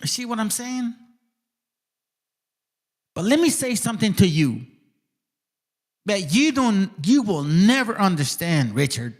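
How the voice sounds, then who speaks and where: A man's voice: sits high, very animated, unhurried, long pauses. A man hosting his channel, ranting in a confrontational, profane monologue aimed directly at people. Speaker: channel host.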